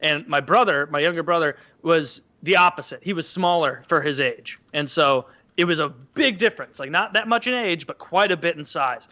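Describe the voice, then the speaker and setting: A man casually telling a childhood story on a podcast, animated and acting out the quotes in a high voice. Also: normal speed, few pauses, highs cut off. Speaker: podcast co-host.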